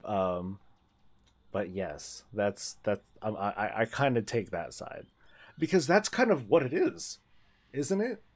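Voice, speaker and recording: A man's voice: fairly low pitch, sing-song, slow pace. A man chatting casually on a gaming livestream, rambling, restarting his sentences and laughing often.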